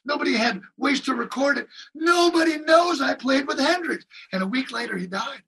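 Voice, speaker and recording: A man with a high, very husky voice tells animated stories, swooping all over his range. He acts out other people's lines and sings drum beats as he goes. He sounds set back from the mic. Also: normal speed, distant mic, rough recording. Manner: lively anecdotes with voiced impressions and drum sounds. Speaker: guest drummer. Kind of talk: animated storytelling in an interview.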